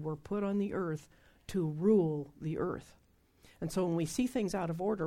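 A woman's voice: fairly low pitch, warm tone. A woman preaching a sermon in a conversational, emphatic storytelling manner.

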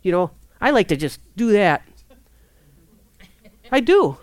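A woman preaching a sermon in a conversational, lively way, acting out prayers and inner thoughts. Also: on the low side, a little fast, clean tone, no echo.

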